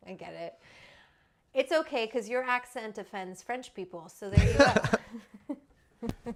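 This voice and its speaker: A woman's voice: a little high, expressive, takes it slowly. A woman from Alberta, Canada, hosting a casual cooking livestream in her home kitchen, chatty and rambling with casual swearing. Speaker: cooking show host.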